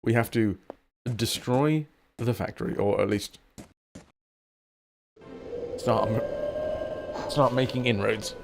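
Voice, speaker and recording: A man's voice: fairly low pitch, takes it slowly, vocal fry, pauses often. A man with a southern English accent, chatting casually and joking while he streams a game. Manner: chatty, jokey, swears now and then. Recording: game music behind.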